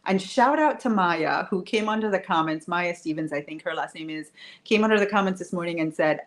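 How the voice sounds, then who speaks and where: A woman coach telling a personal story to an online audience, emphatic, moving between hushed and raised delivery. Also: fairly low pitch, brisk. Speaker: women's wealth coach.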